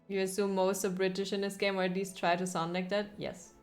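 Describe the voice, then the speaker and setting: A woman's voice: medium pitch, level tone, brisk, soft background music. A woman streaming a video game, chatting casually and playfully with her viewers and laughing often. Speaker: gaming streamer. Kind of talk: casual live-stream commentary over gameplay.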